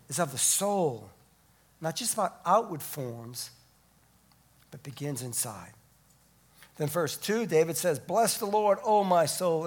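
A middle-aged man preaching a sermon as pastor, swelling to emphatic peaks and then dropping low and quiet.

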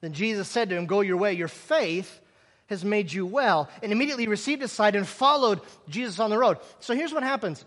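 A man preaching a sermon in an animated way, acting out the scenes he tells and dropping sarcastic asides. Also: sits high, fairly quick, long reverb tail. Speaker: pastor.

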